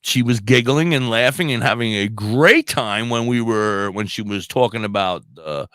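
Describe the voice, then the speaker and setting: Low-voiced, rambling middle-aged radio host. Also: male voice, moderate pace, clean tone, no echo. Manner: rambling, animated anecdotes with laughs. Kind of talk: casual storytelling chat.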